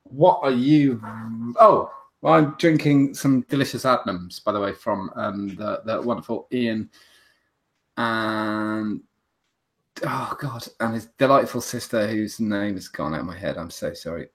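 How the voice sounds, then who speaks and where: A man's voice: fairly low pitch, unhurried. A man hosting a casual livestream chat, rambling and self-mocking, with lots of restarts. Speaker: host.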